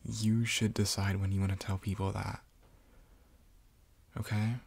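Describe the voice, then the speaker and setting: A man in a whispered role-play, speaking gently and reassuringly as a supportive roommate. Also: fairly low pitch, level tone, a little slow, gravelly, breathy edge. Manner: gentle, reassuring, soft-spoken. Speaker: ASMR roleplayer.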